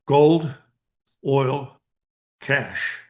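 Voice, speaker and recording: A man's voice: mid-range voice, extremely slow. An older American man and retired colonel, a guest giving blunt, emphatic answers in an interview. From United States. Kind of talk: interview commentary.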